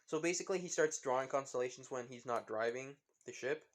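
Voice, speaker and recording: A man's voice: mid-range voice, fairly quick. A man casually telling a fan-fiction story, rambling with many fillers and restarts.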